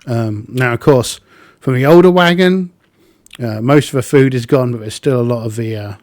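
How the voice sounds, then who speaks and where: A man's voice: mid-range voice, normal speed, a little mellow, dry recording. A man narrating his solo tabletop game, thinking aloud with plenty of ums.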